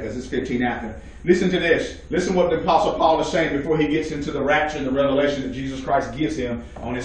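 A man's voice: mid-range voice, slight background noise. A man teaching a men's Bible study, preaching emphatically and calling out to the men in the room. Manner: emphatic preaching, calls out to listeners. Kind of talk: sermon. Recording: very echoey room, mic far off.

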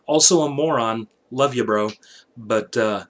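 A man's voice: mid-range voice, measured pace. A man hosting his own channel, giving a rambling late-night update full of jokes and swearing. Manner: rambling, profane, joking. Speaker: channel host.

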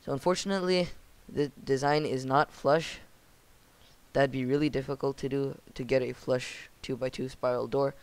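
Young guy walking through a game build tutorial, flat monotone, gravelly, smooth clear voice. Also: medium pitch, moderate pace. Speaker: channel host.

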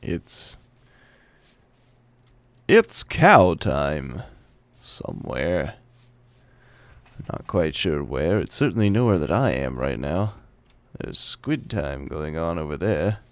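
Gravelly low-voiced man playing a game. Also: lively intonation, slow pace, no echo. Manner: playful, chats to the game animals. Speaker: gameplay commentator. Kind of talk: casual let's play commentary.

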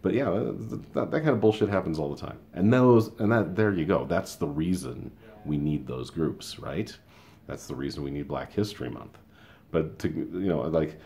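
A man's voice: low voice, lively intonation, moderate pace, creaky, warm tone. A man in his fifties giving a rambling, conversational opinion monologue with many asides. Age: 50s. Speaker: school paraprofessional and show host.

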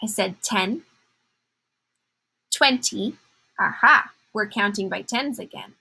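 A woman's voice: mid-range voice, slow, creaky, pushed and bright, husky, rough recording. A woman teacher giving a patient math lesson to young children, counting aloud in a sing-song way.

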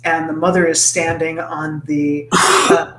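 A woman's voice: fairly low pitch, unhurried. A woman co-hosting a casual podcast, retelling a book's plot with lots of fillers and restarts. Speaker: podcast co-host. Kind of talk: casual book-club chat. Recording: roomy echo, faint background noise.

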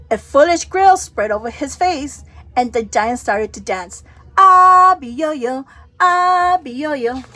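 A woman with a high-pitched voice reads a children's story aloud, full of lively expression as she performs sound effects and character voices.

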